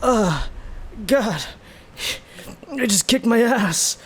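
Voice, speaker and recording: A man commentating his first playthrough of a horror game, exclaiming and laughing as he reacts. His voice sits high for a man and he talks slowly, with faint noise underneath. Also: expressive. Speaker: gaming streamer. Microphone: webcam setup.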